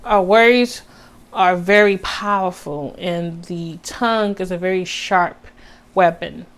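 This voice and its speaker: A woman's voice: on the low side, slow pace. A young adult woman talking earnestly to her viewers in a personal vlog, encouraging them and calling them baby. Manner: casual with Southern US slang like y'all. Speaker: vlogger. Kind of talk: heartfelt personal vlog talk.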